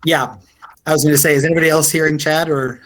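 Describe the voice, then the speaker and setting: A man's voice: on the high side, fairly even intonation, fast, fairly bright tone, low-quality recording. A man narrating as game master of an online tabletop game, describing scenes with frequent fillers and restarts. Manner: descriptive, hesitant with many fillers.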